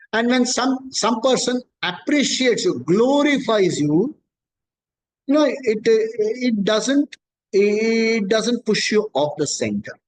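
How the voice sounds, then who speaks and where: High-voiced man teaching scripture. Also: poor audio. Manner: patient, explanatory, repeats key points. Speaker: spiritual teacher. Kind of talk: scripture discourse.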